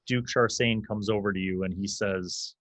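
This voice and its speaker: A man's voice: lowish voice, fairly even intonation, moderate pace, a bit bright, no room sound. A man narrating a tabletop game as game master in a casual way, with loose fillers.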